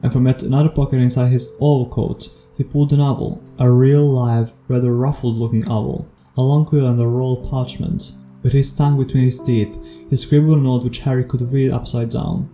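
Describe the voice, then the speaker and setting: A man reading a storybook aloud as audiobook narrator, steady and even. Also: medium pitch, normal speed, roomy sound, faint music behind. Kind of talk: scripted narration.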